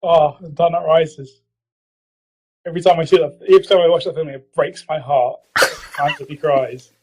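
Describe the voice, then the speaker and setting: A podcast host chats casually, rambling, giggling, swearing and drifting into mock impressions. His voice is steady and moves at a normal speed. The audio is low quality, with a noisy background.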